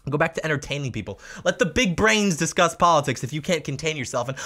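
A man's voice: a little high, expressive, fast, few pauses, bright, forceful tone. A man hosting political commentary, sarcastic and combative, mocking his opponents.

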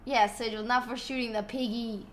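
A woman's voice: fairly high pitch, steady tone, moderate pace, fairly bright tone, a little hiss or hum. A woman chatting casually on a live gaming stream, giggly and scattered, often breaking into laughs.

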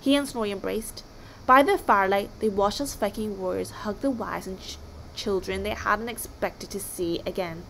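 A woman reading a children's chapter book aloud with expressive storytelling. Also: mid-range voice, moderate pace, creaky, a little hiss or hum. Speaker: storybook reader.

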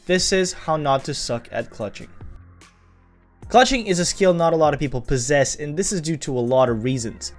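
A young man reading a scripted gaming tutorial into a close mic, earnest and instructive with dry sarcastic asides. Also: a little high.

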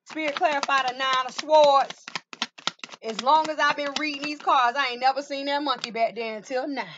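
A woman's voice: high-pitched, sharp tone, highs cut off. A woman reading tarot cards for viewers, emphatic and full of rhetorical questions, calling them baby and honey. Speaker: tarot reader. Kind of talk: tarot card reading to camera.

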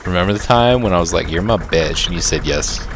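A man's voice: low-pitched, expressive, a little fast, background noise. A man hosting a casual gaming commentary, joking and laughing often. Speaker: host.

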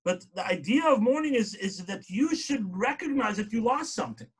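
A man's voice: high-pitched, very animated, normal speed, slightly rough. A man giving a religious class, telling stories with frequent "right?" asides and emphatic quoted speech. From lived in Israel. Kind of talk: sermon-style lecture.

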